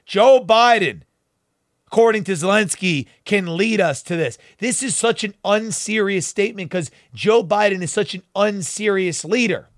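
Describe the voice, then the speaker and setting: A man's voice: sits high, normal speed, no echo, clean studio sound. A man hosting a talk show, delivering fiery, emphatic and sarcastic political commentary.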